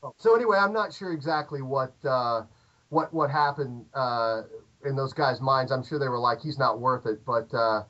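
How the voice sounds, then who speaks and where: A middle-aged American man telling a long, animated anecdote in casual chat, with lots of fillers and restarts. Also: mid-range voice, normal speed. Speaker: podcast guest. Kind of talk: casual storytelling. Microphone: remote call audio. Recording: dull lo-fi call audio.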